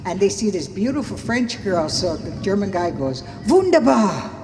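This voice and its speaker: A woman telling lively stories and a joke to a memorial crowd, acting out the voices of the people in them. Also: lowish voice, normal speed, background noise. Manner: animated storyteller, acts out voices. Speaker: guest speaker at a memorial. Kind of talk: storytelling a joke. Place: outdoor beach gathering on a sound system. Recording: echoey public address with long reverb.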